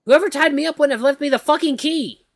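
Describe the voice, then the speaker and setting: A man voicing a panicked, foul-mouthed young man held captive, yelling frantically. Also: extremely high pitch, lively intonation, fast, dry recording, studio quality, voice pushed up, full character voice.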